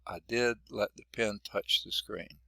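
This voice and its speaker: Male math instructor, folksy lecture delivery, gravelly and bright, dry sound. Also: fairly low pitch, measured pace, no echo. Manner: folksy, chatty, asks the class questions. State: losing his voice. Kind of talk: classroom lecture.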